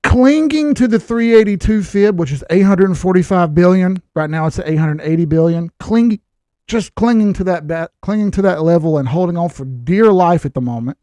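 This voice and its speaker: Man, high voice, blunt lecturing chart talk, sarcastic, dry close sound. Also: animated, moderate pace, warm tone, no room sound. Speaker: crypto chart analyst host. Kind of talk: casual market commentary.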